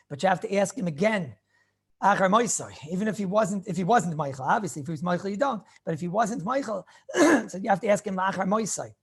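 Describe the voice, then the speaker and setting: Gravelly, husky rabbi teaching a class. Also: male voice, sits high. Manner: rambling, repeats words and restarts phrases; chatty, mixes Hebrew and Yiddish terms into English. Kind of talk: informal Torah class on Jewish law.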